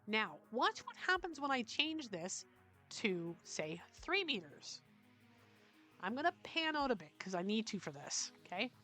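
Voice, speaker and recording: A woman's voice: on the high side, very animated, measured pace, bright, forceful tone, faint music behind. Chatty Canadian woman teaching a tutorial. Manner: chatty, checks in often with "okay?". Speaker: tutorial host. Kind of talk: screen-recorded software tutorial.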